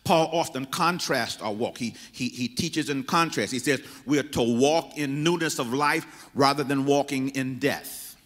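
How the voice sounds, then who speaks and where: A man's voice: medium pitch, a little slow, hardly any pauses, fairly bright tone. Emphatic male pastor in a reverberant hall. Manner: repetitive, emphatic build-up. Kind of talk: sermon. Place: church sanctuary.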